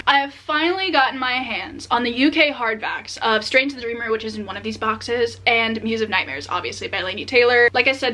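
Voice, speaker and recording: A young adult woman vlogging casually as she unboxes books, excitable and chatty with many filler words. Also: on the high side. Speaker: book vlogger.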